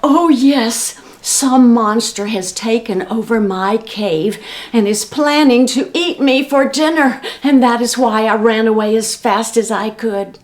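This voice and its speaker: A woman's voice: a little high, unhurried, natural voice. A woman doing a cowardly, fearful tiger. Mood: scared. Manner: fearful, pleading. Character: cowardly male tiger, frightened and whiny.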